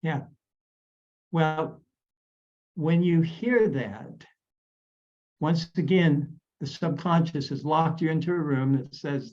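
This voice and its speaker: A man from Idaho with a fairly high voice, explaining his coaching ideas in a steady, measured way. His voice comes through dull and lo-fi, like call audio. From Idaho, USA. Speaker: habit coach guest. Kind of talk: coaching talk on a video call.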